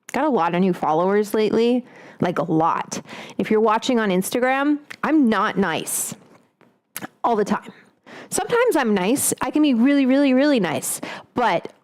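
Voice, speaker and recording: A woman in her late thirties with a high voice, chatting bluntly and casually on a cooking stream, rambling and swearing, with frequent laughs, on an omnidirectional mic. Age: late 30s. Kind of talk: casual livestream chat.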